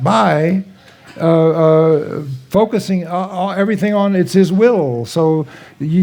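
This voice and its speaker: An older man speaks to a gathered audience in a gentle, halting way, pausing often as he searches for words. His voice is low-toned and husky, with a gravelly edge and little brightness. He shares his memories in a reflective, unhurried style. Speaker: guest speaker at a spiritual gathering. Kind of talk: reflective talk with personal stories. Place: live talk to a gathered audience.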